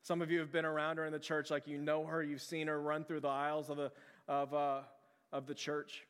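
A man's voice: on the high side, completely flat delivery, fairly quick, smooth. Man, pastor, earnest conversational sermon, fillers and restarts, long hall reverb. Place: church sanctuary.

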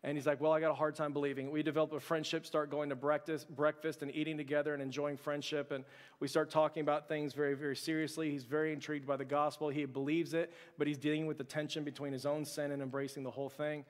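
A man's voice: a little high, level tone, quick pace. A man preaching a sermon, telling a personal story in an earnest way, often restarting his sentences. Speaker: pastor. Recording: long hall reverb.

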